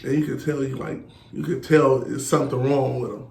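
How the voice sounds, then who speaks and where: A man's voice: medium pitch, steady tone, fairly quick, vocal fry, mellow. A man in his thirties, a podcast guest, telling blunt and profane stories in casual chat and quoting others as he goes. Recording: echoey room with faint hiss.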